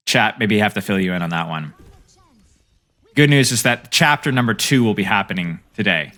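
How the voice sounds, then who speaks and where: Lively man coaching gameplay on stream. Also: on the low side, fairly quick. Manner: lively and playful, teasing chat between tips. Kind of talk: casual coaching commentary to stream chat.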